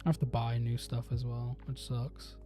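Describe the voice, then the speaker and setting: A British man chatting casually on a gaming stream, musing offhand with the odd swear and quiet laugh. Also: mid-range voice, level tone, normal speed. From Britain. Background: faint lo-fi music.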